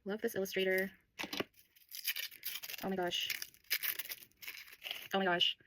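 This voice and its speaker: A woman's voice: medium pitch, flat delivery, slow pace, bright, forceful tone, a little hiss or hum, poor audio. A woman talking casually while unboxing stationery, bubbly and gushing, often laughing. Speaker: stationery vlogger.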